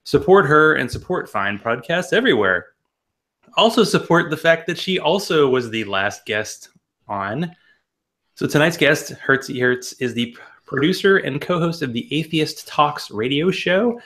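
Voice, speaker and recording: Jokey animated podcast host, man. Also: fairly high pitch, measured pace. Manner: jokey, animated delivery with exaggerated intro. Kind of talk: casual interview podcast.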